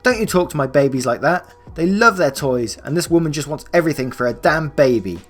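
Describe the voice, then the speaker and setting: A man doing a shrill entitled mother. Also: very animated, normal speed, darkish tone, slightly rough, faint music behind. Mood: indignant. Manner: shrill, accusing, raised voice.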